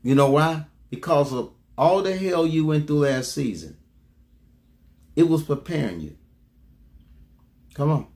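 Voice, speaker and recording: Male preacher, slightly high voice, emphatic sermon delivery, repeats key lines, call-and-response with the congregation. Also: animated, unhurried, pauses often, darkish tone.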